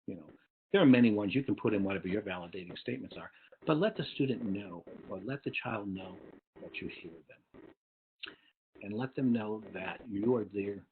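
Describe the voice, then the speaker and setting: A man with a lowish voice gives a webinar lecture to teachers and parents, walking through things step by step and frequently asking "okay?". The audio sounds tinny and phone-like, typical of an online webinar, with slight background noise.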